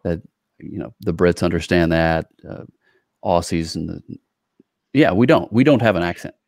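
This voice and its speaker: Male co-host, very low voice, dry close sound; rambling, hedging talker. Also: normal speed, creaky, no echo. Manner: relaxed, wordy, hedging with fillers. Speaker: podcast co-host. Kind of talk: casual interview chat.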